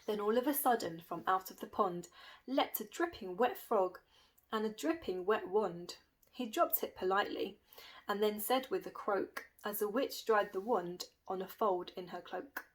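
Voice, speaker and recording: A woman's voice: mid-range voice, expressive, moderate pace, poor audio. A woman reading a rhyming children's picture book aloud with a lilting rhythm. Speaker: storybook reader.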